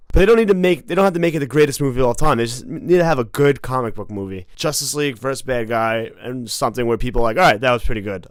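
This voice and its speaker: A man's voice: mid-range voice, clear, resonant tone, no echo. A young man co-hosting a casual podcast, rambling and laughing a lot. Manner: rambling, laughs often, lots of fillers. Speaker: podcast co-host. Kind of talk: casual movie trailer chat.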